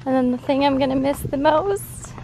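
A woman's voice: high voice, normal speed, mellow, a little hiss or hum, rough recording. A young woman vlogging in a casual, candid way, talking straight to her viewers. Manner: chatty, candid, talks to viewers directly. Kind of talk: casual vlog chat.

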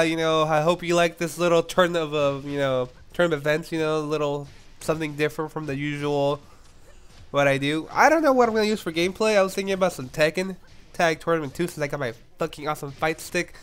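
A man's voice: on the high side, quick pace, clean tone. A man with a stuffy nose and a cough from a cold, telling a rambling story in casual commentary and laughing often between words. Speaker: YouTube gaming commentator.

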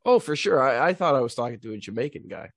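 A man's voice: medium pitch, very animated, quick pace, no room sound, clean studio sound. A man co-hosting a comedy podcast, teasing and incredulous in casual banter, often breaking into laughs. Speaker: podcast co-host.

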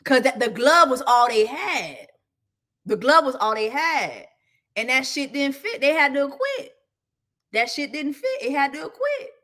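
A woman hosting a casual celebrity gossip show, talking loud and profane, laughing often and reading viewer comments aloud. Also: sits high, very animated, a little slow. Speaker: show host.

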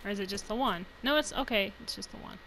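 A woman's voice: medium pitch, fast talker, fairly bright tone, a little hiss or hum, poor audio. A young woman giving chatty, rambling let's play commentary, laughing often. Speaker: gaming channel host.

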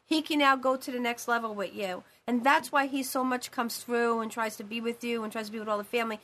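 A woman's voice: on the high side, steady tone, fast, bright, forceful tone. A woman hosting a live call-in show as a psychic medium, talking in a rambling, emphatic way with many repeated phrases.

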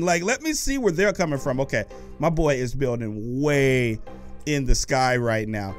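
A young man giving excited let's-play commentary while gaming, often shouting and taunting the monsters. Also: medium pitch, moderate pace, soft background music. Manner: animated, shouts and taunts in-game enemies. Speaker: gaming YouTuber.

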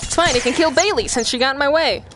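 A woman's voice: high voice, quick pace, noisy background. A woman streaming a game, chatting casually with friends, laughing, swearing and trash-talking. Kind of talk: casual gaming chat.

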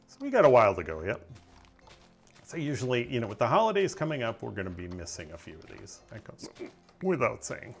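A man streaming a game, chatting casually with his viewers as he plays and breaking into excitable outbursts. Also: medium pitch, brisk, creaky, soft background music. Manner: chatty, talks to viewers while playing. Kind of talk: casual gameplay commentary.

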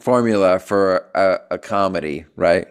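A man's voice: low voice, measured pace, clear, resonant tone. A man hosting an interview, chatting casually and encouraging his guest with enthusiasm. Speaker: interviewer host.

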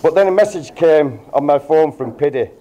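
A man's voice: on the high side, animated, moderate pace, dark tone. A middle-aged man giving a wedding toast as the groom's father, reading from notes with dry jokes. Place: wedding reception room.

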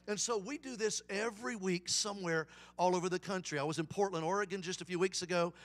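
Man, evangelist, sermon, folksy, animated, middle-aged, fairly high voice. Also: quick pace. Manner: folksy, animated storyteller with humor. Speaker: guest evangelist.

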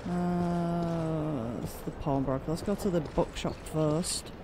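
A man's voice: a little high, steady tone, slow pace, background noise. A man giving casual, joking commentary while playing a video game, thinking aloud. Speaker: let's play gamer. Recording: game sounds and music behind.

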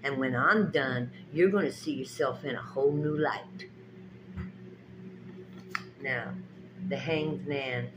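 A woman giving a slow, drawn-out spiritual pep talk and tarot reading. She talks straight to her viewers in an emphatic, preachy, folksy way and repeats her phrases. Steady background noise runs under her voice. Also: a bass voice. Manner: folksy, direct address to viewers.

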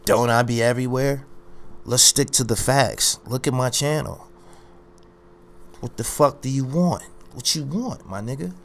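A man's voice: mid-range voice, unhurried, vocal fry, slight background noise. A man ranting on his own commentary channel, boastful and confrontational, hammering his points by repeating phrases. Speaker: YouTube commentary host.

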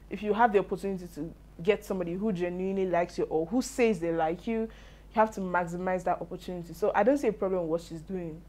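A young Nigerian woman giving casual, animated commentary on a reality show, with Pidgin asides. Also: medium pitch.

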